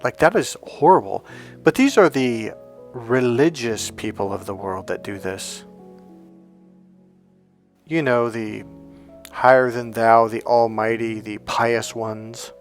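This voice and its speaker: A man coaching online, retelling a story in a blunt, animated, casual way with frequent fillers and swearing. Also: mid-range voice, takes it slowly, pauses often, faint music behind.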